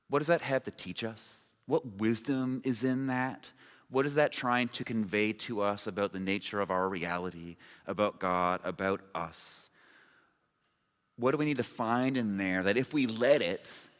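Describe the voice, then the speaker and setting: This sermon comes from a pastor whose voice is fairly low in pitch yet fairly bright, and he talks in a loose, conversational way with asides. The recording carries the long reverb of a spacious church sanctuary.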